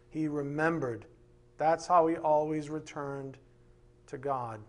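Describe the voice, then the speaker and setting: Joking, animated man teaching Bible class. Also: a little high, takes it slowly. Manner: animated, joking, acts out voices.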